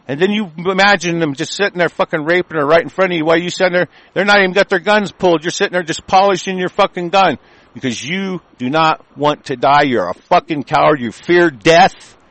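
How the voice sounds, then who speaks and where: A man hosting a radio show, delivering an angry, profanity-filled monologue full of halting restarts. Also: on the high side, a bit bright, no room sound, poor audio. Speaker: radio host.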